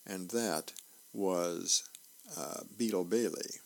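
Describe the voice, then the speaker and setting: A man, a volunteer reader, reading newspaper comics aloud in an unhurried, folksy way. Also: deep voice, creaky, fairly bright tone.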